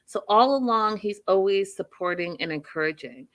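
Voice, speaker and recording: The recording is very noisy. Through it comes a woman's expressive, medium-pitched voice at normal speed as she hosts a show, recapping a reality TV episode in a chatty, emphatic way and talking directly to listeners.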